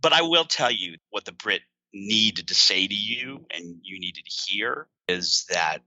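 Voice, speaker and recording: A man's voice: lowish voice, expressive, unhurried, sharp tone, low-quality recording. A man speaking earnestly and reflectively as a podcast guest, talking openly about his feelings. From United States. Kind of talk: candid conversation.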